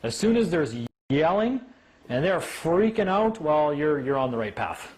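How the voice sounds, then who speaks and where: A man holds forth to a small gathering in a lively, conversational way. He acts out the people in his stories and keeps checking in with "right?". A faint hiss sits under his voice. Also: a little high, unhurried. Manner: animated, acts out quoted people, asks "right?". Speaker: speaker at a meeting. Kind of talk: informal talk to a small group.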